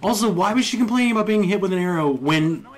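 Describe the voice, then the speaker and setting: A man's voice: high voice, expressive, fast talker. A man casually commenting on a video game with a friend, crude and joking, laughing often. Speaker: let's play commentator.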